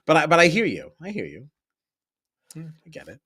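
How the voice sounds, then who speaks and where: Chill dude on a podcast, bouncy pitch, bright tone, kinda unbothered. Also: male voice, huge pitch swings, a little fast, husky. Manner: laid-back, shrugging, lots of "I hear you". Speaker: podcast co-host. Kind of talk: casual reality TV recap chat.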